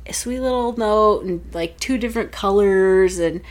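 A woman's voice: mid-range voice, moderate pace. A woman in her thirties co-hosting a casual talk show, telling stories in a chatty way. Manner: chatty storytelling, acts out quoted family voices. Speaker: podcast co-host. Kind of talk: casual chat.

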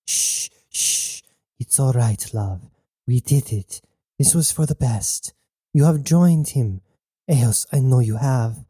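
A man's voice: mid-range voice, takes it slowly, dark tone, slightly rough, no room sound, studio quality. A man voicing a grieving unhinged older mother. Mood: hushed.

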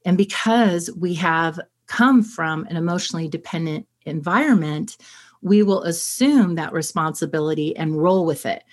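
A woman therapist explaining ideas in conversation, steady and clear, acting out quick examples. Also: fairly low pitch.

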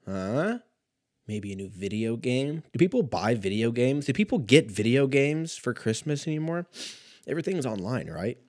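A young man chatting casually and profanely on his own, rambling, his voice a little rough from a recent cough. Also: medium pitch, big pitch swings, moderate pace, a little mellow. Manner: profane, rambling, laid-back. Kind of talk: casual solo chat.

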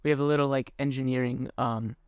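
A man's voice: medium pitch, steady tone, fast talker, clean tone, dry recording. A young man co-hosting a casual podcast, talking hesitantly with frequent restarts and fillers. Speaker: podcast co-host. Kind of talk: casual chat.

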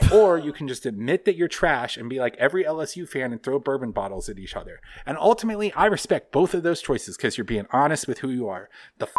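A man's voice: on the high side, no room sound, clean studio sound. Man ranting heatedly on a podcast. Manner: heated, swearing rant with many fillers. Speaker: podcast co-host.

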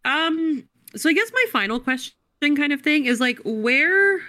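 A bright-toned woman chatting casually on a podcast. She explains things in a loose, rambling way with plenty of "um" and "like". The sound is dry and close. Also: high voice, expressive, unhurried, dry recording. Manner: chatty, explains lore with many fillers. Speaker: podcast co-host and game master.

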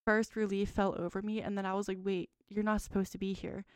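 A woman's voice: mid-range voice, level tone, brisk, darkish tone, smooth, no echo, studio quality. A woman in her twenties in casual podcast chat, reading out a long dream journal in a rambling way, full of "like". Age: 20s. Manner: rambling, frequent "like" fillers. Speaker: podcast co-host.

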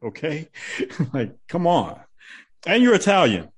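A man's voice: fairly high pitch, huge pitch swings, slow pace, husky. A man chatting casually on a podcast, laughing often and acting out the people he quotes. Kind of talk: casual chat.

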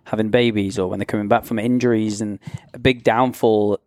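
A man speaks as a coach in a relaxed conversation, thoughtfully explaining his point. His voice sits on the low side. The sound is close and dry. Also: a little fast, dry recording. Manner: reflective, explanatory. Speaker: coach, trainer. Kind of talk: casual podcast conversation.

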